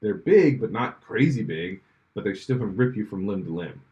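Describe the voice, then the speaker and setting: A man's voice: on the low side, lively intonation, moderate pace, a little mellow, muffled recording. A man co-hosting a podcast in casual chat, rambling with lots of fillers and restarts and laughing often. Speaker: podcast co-host.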